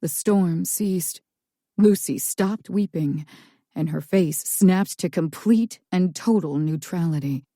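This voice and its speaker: Woman reading a tense thriller audiobook, slow and low, warm dark voice. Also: dry recording, clean studio sound. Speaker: narrator. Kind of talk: first-person thriller audiobook narration.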